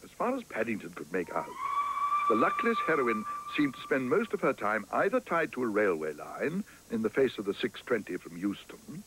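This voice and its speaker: A man narrating a storybook cartoon in a gentle, expressive reading style. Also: medium pitch, normal speed, background noise.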